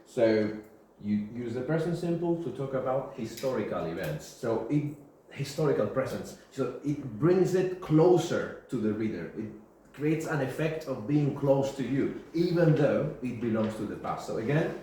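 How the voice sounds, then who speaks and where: A man's voice: mid-range voice, big pitch swings, moderate pace, warm tone. A male English teacher giving a classroom grammar lesson, repeating key terms and checking in with his students. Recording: very echoey room, faint background hiss.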